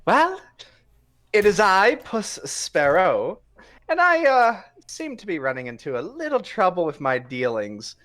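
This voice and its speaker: A boastful cat-folk swordsman with a grand, theatrical manner, as a man voices him. The pitch leaps well above the voice's usual register and swings widely, and the delivery is showy and pleading by turns. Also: huge pitch swings, a little slow, a bit bright, heavily acted. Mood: flamboyant. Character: male cat-folk swashbuckler rogue, flamboyant and boastful.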